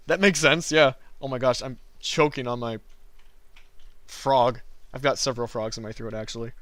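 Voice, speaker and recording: A man's voice: medium pitch, fairly even intonation, normal speed, fairly bright tone, no echo. A man hosting a drawing livestream, chatting casually with his viewers and often laughing. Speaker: livestream host, cartoonist. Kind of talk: casual chat while drawing.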